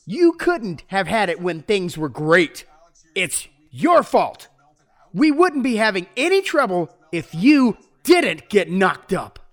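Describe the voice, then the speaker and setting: An actor playing a troubled male prisoner who swings between angry outbursts and regretful narration, with a slightly husky voice. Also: high voice, sing-song, slow pace, dry recording, exaggerated voice. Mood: volatile. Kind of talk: audio drama with first-person narration.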